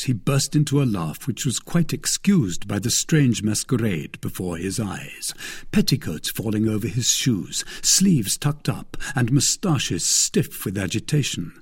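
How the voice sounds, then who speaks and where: Husky male narrator, animated pitch, dramatic classic-novel reading. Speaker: audiobook narrator.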